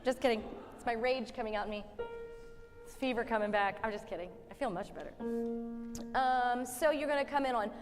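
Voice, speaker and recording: A woman's voice: a little high, brisk, pauses often. A woman directing a choir rehearsal, joking with the singers and demonstrating sung phrases as she coaches. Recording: long hall reverb with faint music.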